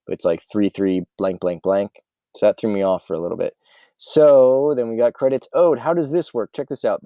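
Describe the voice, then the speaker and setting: A low, gravelly man talks through his ordering spreadsheet in a rambling, offhand way. His voice is dark and mellow, and the sound is dry and close. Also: no echo. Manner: rambling and offhand, thinking aloud. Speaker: meal prep business owner. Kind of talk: casual software walkthrough.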